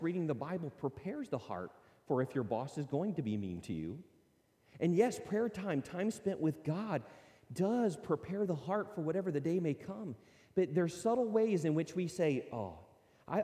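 Male pastor, sermon delivery, conversational and a touch high, recorded with long hall reverb. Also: warm tone. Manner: conversational, acts out imagined prayers and objections.

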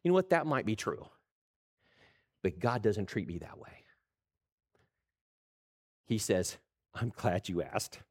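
Middle-aged male pastor delivering a sermon, very lively pitch, animated, acts out quoted voices. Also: slow pace, long pauses.

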